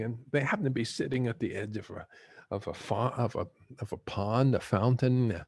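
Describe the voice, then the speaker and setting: A man hosting a guided-imagery talk, a gentle, unhurried storyteller who chuckles as he teaches. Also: mid-range voice, creaky, husky, no room sound. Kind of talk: reflective talk with teaching stories.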